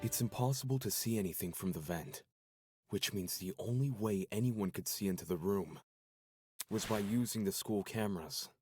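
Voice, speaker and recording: An actor playing a composed young male student who argues calmly and persuasively. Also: fairly low pitch, normal speed, slight background noise, close to an everyday voice. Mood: reasoning.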